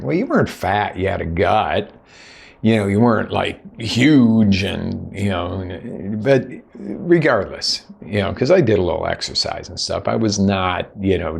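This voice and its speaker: A man's voice: sits low, gravelly. A man working as a life coach, telling a personal story in a conversational, sarcastic way and acting out what other people said. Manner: conversational, lots of "you know". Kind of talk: motivational storytelling monologue.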